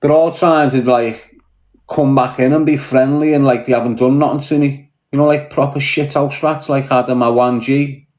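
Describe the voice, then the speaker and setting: A man's voice: medium pitch, steady tone, normal speed, a little mellow. A man with a Scouse accent from Liverpool, ranting bluntly and swearing on a casual livestream, tired after hours on air. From Liverpool, England. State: mentally tired. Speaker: live streamer. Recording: roomy echo.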